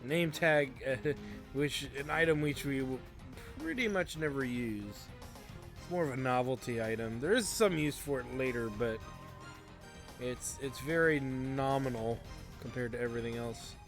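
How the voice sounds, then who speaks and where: A man's voice: medium pitch, normal speed, faint music behind. A man hosting a let's play, giving casual gameplay commentary and rambling as he talks to himself. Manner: rambling and self-talking, with fillers and mild joke curses.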